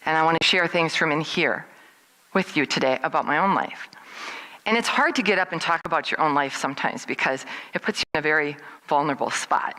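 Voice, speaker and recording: This is a rough recording of a middle-aged woman at a service, talking a little fast. Her personal story is lively, and she mimics people's words with sharp swings in pitch.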